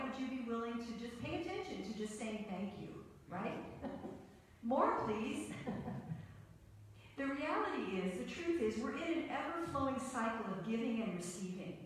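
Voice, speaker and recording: A woman's voice: a little high, slight background noise. A woman minister giving a chatty, encouraging sermon and asking her listeners questions. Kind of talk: conversational sermon. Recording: echoey hall, voice from far off.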